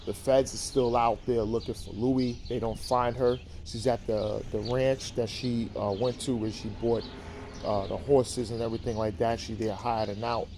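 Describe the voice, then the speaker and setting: A man's voice: medium pitch, level tone, moderate pace, mellow, slight background noise. A man hosting a show, casually recapping a series in a rambling, profane way with lots of ums and repeated words.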